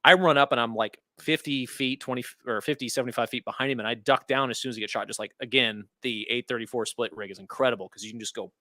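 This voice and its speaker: A man co-hosting a podcast, telling a story in an animated and profane way in casual chat. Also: mid-range voice, quick pace, few pauses, no room sound. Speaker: podcast co-host.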